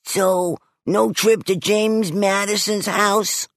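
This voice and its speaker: A narrator voicing Stink, an eager, whiny young boy, in a high, excited, insistent voice. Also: slow, no echo, studio quality, exaggerated voice.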